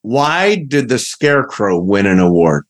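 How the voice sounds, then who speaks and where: A man's voice: lowish voice, big pitch swings, a little slow. A man hosting a podcast, playful and joking in a casual, rambling chat. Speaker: podcast host.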